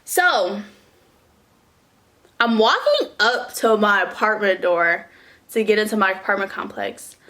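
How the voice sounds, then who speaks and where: A young woman vlogger telling a storytime in a casual, animated way, swearing and saying "like" a lot. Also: mid-range voice, unhurried, pauses often.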